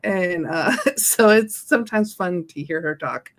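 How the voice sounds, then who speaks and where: A woman's voice: lowish voice, expressive, unhurried, fairly bright tone. Chatty woman co-hosting a book club. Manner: chatty, laughs often, explains eagerly. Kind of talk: casual chat.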